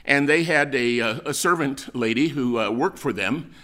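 An older American man preaching a sermon, telling stories in a relaxed, conversational way with frequent fillers and restarts. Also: mid-range voice, moderate pace. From United States. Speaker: pastor.

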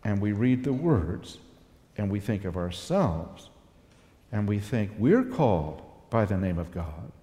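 A man's voice: fairly low pitch, very animated, unhurried, mellow, in a large hall. A man telling a personal story in a sermon-style talk, earnest and reflective, with emotional swells. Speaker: speaker giving a talk.

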